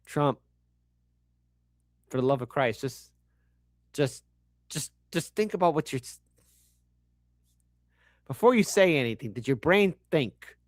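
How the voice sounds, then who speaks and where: A man hosting reaction commentary, animated and sarcastic, swearing often and talking with lots of fillers. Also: on the high side, takes it slowly, pauses often, dry recording, clean studio sound. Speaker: commentary host.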